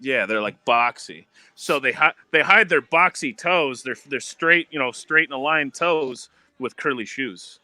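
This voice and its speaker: A man in casual, animated chat about tabletop games, laughing often and swearing freely. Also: mid-range voice, measured pace, few pauses, dry recording.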